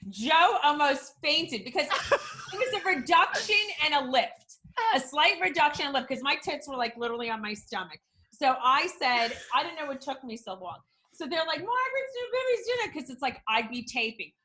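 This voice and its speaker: A high-pitched woman with a bright, sparkling tone hosts a casual podcast chat. She is blunt and gossipy, swearing freely and acting out her own quoted lines with animated flair. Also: normal speed, slight background noise. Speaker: podcast host.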